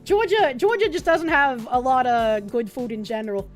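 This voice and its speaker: A woman's voice: sits high, normal speed, soft background music. An American woman streaming, reading an article aloud and chatting with a rambling, profane, laughing manner. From United States.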